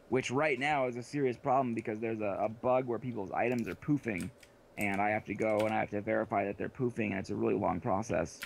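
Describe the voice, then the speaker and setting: A man with a gravelly, fry-edged voice of middling pitch, talking loosely on a podcast. He rambles, swears freely and jokes. A faint hiss sits under the recording. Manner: profane, rambling, quick to joke. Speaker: game server admin and podcast host. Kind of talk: casual podcast chat.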